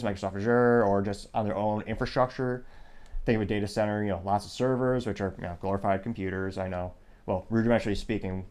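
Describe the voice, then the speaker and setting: With a mid-range, slightly mellow voice, a podcast host rambles through the tech news in a loose monologue. Sarcasm runs throughout, along with side tangents and self-interruptions that send him back to restart.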